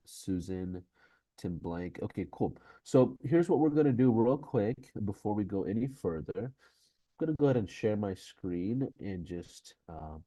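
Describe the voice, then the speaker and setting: A congested, nasal man hosts a live stream with a low, mellow voice. He chats loosely with viewers, full of fillers and restarts, and the sound is close and dry. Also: dry recording. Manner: chatty, with many fillers and restarts. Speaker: host of a live-streamed course session. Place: conference venue.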